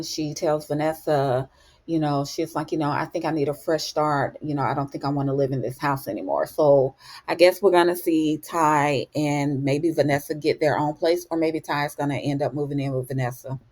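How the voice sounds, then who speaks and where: Low-voiced woman recapping TV casually. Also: fairly even intonation, moderate pace, a little mellow. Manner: chatty storytelling, lots of "you know" and "honey". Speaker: TV recap host.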